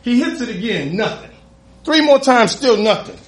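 High-voiced man telling a comic story. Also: normal speed, roomy sound. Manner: animated, laughs through his own story, acts out other voices. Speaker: comedian. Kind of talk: stand-up storytelling.

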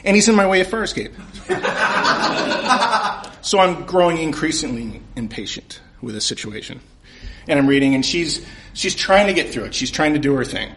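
Animated man telling a comic story. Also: on the high side, moderate pace, pauses often, slight background noise. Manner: animated, laughing often, self-mocking. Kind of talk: comic personal story told to an audience.

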